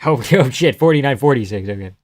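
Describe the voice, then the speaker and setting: A man streaming live and reacting to a fight card in an offhand, profane way. He reads chat messages aloud and answers them with quick jokes and loose banter. His voice sits at an ordinary middle pitch for a man. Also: expressive, darkish tone, no room sound, clean studio sound. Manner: casual and profane, reading chat aloud, joking.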